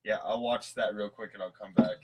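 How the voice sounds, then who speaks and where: A man's voice: on the low side, steady tone, fairly quick, very noisy. A man co-hosting a casual chat, tipsy, rambling and goofy, reading from a list between jokes. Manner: rambling, goofy, laughs often, swears. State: tipsy from mead. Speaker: podcast co-host.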